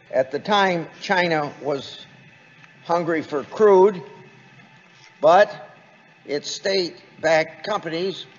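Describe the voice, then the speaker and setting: A slow, deliberate man delivers a formal speech in a large chamber. His fairly high voice carries a long reverb, and the recording sounds dull and lo-fi. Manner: slow, deliberate, reading quotes aloud. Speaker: senator giving a speech.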